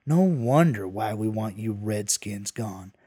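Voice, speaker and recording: A man's voice: lowish voice, lively intonation, slow, dark tone, slightly rough, no room sound, studio quality, heavily acted. A man doing a sneering outlaw boss. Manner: mocking, contemptuous drawl. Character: sneering, bullying male outlaw gang leader.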